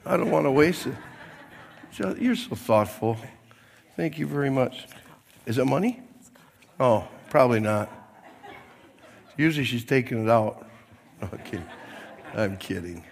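A middle-aged man, a pastor, preaching a sermon to his congregation in a chatty, joking way, with a hoarse, coughing throat. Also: medium pitch, lively intonation, a little slow, pauses often. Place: church sanctuary. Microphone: mic at the pulpit, then a handheld mic. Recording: long hall reverb.

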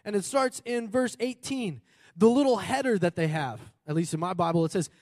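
A man preaching a sermon in a church hall on a mic. He is loud and excitable and swings between shouting and quiet asides. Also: sits high, normal speed, studio quality. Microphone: handheld or stage mic.

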